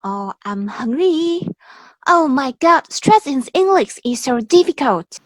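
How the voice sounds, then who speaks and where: A woman with a Vietnamese accent playing a frustrated young female language student in a short classroom skit, complaining in an exasperated, drawn-out way. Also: high-pitched, very animated.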